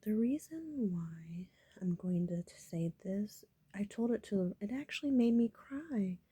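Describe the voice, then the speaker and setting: A woman vlogger musing softly in half-whispers about personal matters. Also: medium pitch, animated, measured pace, slightly rough, no room sound. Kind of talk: reflective personal talk.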